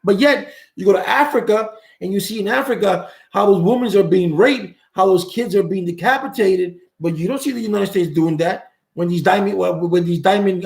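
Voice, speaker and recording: Fast, gravelly man on a blunt call-in chat. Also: sits high, darkish tone, reverberant, rough recording. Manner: blunt, swears freely, repeats words while thinking. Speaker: host.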